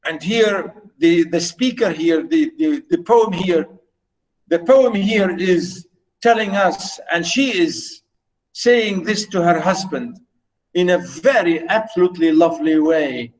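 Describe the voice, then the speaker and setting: A man teaching a literature class over a video call, talking haltingly with many fillers and restarts and reading poetry slowly and fondly. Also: sits high, poor audio. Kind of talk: online lecture.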